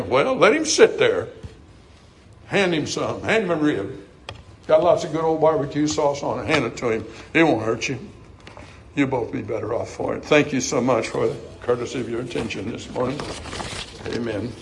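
A man preaching a sermon in a folksy, earnest way, rising to loud emphasis and dropping to hushed asides. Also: mid-range voice, lively intonation, moderate pace, slight background noise.

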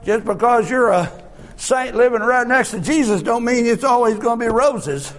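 An animated male preacher shouts his sermon points, stretching out "uh" fillers, then drops into soft, low asides.

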